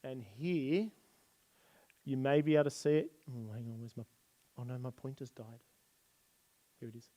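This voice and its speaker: A man teaching Bible history to a church group, with a voice of middling pitch. He talks casually and retells the old stories in plain everyday language while pointing things out on slides. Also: steady tone, moderate pace, long pauses, warm tone.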